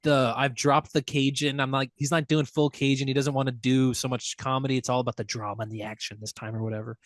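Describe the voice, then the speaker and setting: A man's voice: medium pitch, little pitch movement, fast, dry recording. A young man on a podcast, chatting casually and animatedly, telling stories and swearing freely. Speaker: podcast host. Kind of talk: casual chat.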